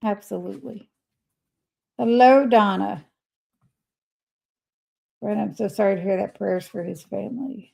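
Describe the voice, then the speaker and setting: On her relaxed livestream, an older woman reads out comments from viewers and replies in a warm, talkative manner. She speaks unhurriedly at a medium pitch, with a creaky voice and frequent pauses, over a rough recording.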